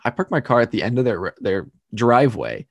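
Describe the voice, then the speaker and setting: Young man telling stories, lively. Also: mid-range voice, a little fast, slightly rough, dry recording, clean studio sound. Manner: animated storytelling, laughs often. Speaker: podcast co-host. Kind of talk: casual chat.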